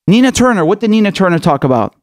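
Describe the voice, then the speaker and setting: Angry man ranting at a higher pitch. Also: big pitch swings, fast talker. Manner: angry, outraged, swearing. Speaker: political commentary host. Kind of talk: impassioned political rant.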